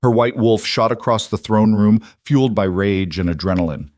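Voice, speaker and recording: A man narrating a scripted fantasy story in a dramatic, steady way. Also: lowish voice, normal speed, no echo, studio quality.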